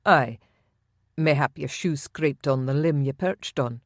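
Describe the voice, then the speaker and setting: A woman voicing a steady young Highland warrior, calm and teasing. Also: unhurried, no room sound, clean studio sound.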